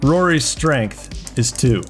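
A man's voice: mid-range voice, lively intonation, slow pace, faint music behind. A man narrating as game master, describing fights in graphic and profane detail.

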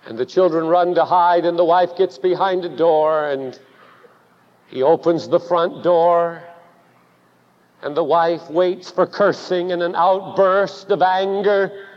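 High-voiced pastor preaching slow, dramatic storytelling, muffled old recording. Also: male voice, fairly even intonation. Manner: dramatic storytelling, swings to loud emphatic peaks. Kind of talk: sermon. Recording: dull recording with long hall reverb.

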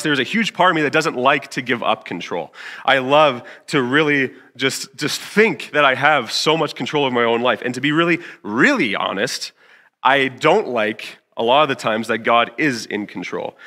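A young man in his twenties preaches a relaxed church sermon, chatty and candid. His voice is bright and sits at a mid pitch. He fills gaps with fillers and acts out his own past lines with sudden jumps in pitch. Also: brisk. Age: 20s. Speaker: youth pastor. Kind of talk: casual sermon with stories.

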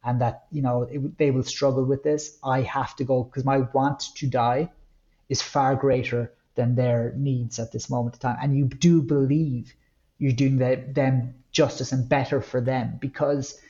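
A man's voice: mid-range voice, unhurried. Irish male guest, middle-aged, candid reflective storyteller, lo-fi recording. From Ireland. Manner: candid, reflective, with lively acted-out quotes. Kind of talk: personal storytelling interview.

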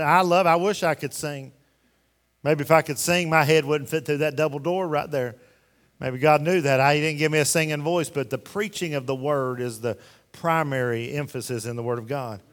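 A man preaching a sermon in a church, folksy and emphatic, firing rhetorical questions at the congregation. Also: a little high. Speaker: pastor. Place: church sanctuary. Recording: long hall reverb.

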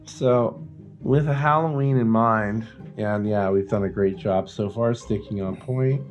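A man's voice: lowish voice, measured pace, highs cut off, faint music behind. Dry, sarcastic male podcast co-host. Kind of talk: casual chat.

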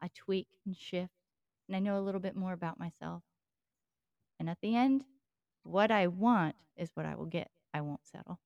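A woman's voice: on the low side, normal speed, creaky, long pauses, a little mellow, dry recording, muffled recording. A woman podcast co-host and life coach, talking in a reflective, coaching way and laughing easily. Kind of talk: casual podcast chat.

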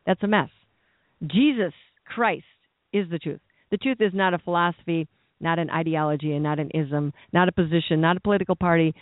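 This man's voice is a little high and fairly quick as he rambles through a conversational sermon, putting questions to listeners and tossing in asides. The recording has no echo and a dry, narrow, phone-like sound.

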